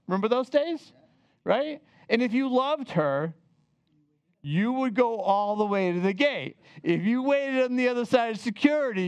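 An older man telling a personal travel story in a lively, chatty way, often turning to the listeners to share a memory. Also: sits high, clean tone, dry recording. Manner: animated, chatty, asks the listeners to remember with him.

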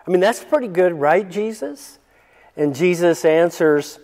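A man's voice: high voice, a little slow, darkish tone. A male pastor preaching a sermon, reading scripture and joking in conversational asides. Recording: long reverb in a hall.

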